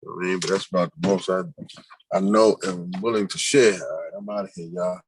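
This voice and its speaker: A man's voice: deep voice, fairly even intonation, fairly quick, noisy background. A man hosting a casual livestream, rambling loosely and talking to his chat and to himself. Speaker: livestream host.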